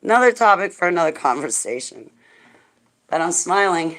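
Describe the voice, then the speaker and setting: A woman's voice: fairly low pitch, normal speed, fairly bright tone. A woman livestreaming in casual chat, answering viewers by name, rambling and laughing often.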